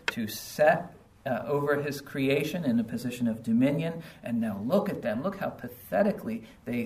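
A man's voice: mid-range voice, echoey room, distant mic. A man preaching a sermon, emphatic and sarcastic, acting out mocking taunts.

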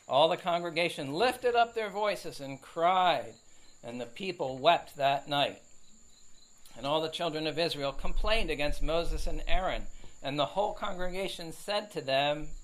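Man teaching scripture with a higher voice. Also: a bit bright, rough recording. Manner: explains verse by verse, frequent fillers and tag questions. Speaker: Bible teacher. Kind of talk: conversational Bible study teaching.

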